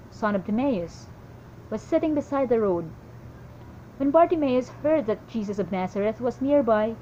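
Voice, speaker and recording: Mellow woman reading scripture aloud. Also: fairly high pitch, highs cut off, a little hiss or hum. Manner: steady reading with small slips and restarts. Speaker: Bible reader.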